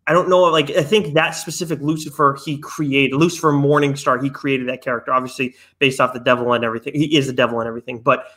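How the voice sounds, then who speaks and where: A man's voice: mid-range voice, little pitch movement, fast, hardly any pauses, fairly bright tone. A man co-hosting a podcast in casual chat, talking in long asides that trail off and restart. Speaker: podcast co-host.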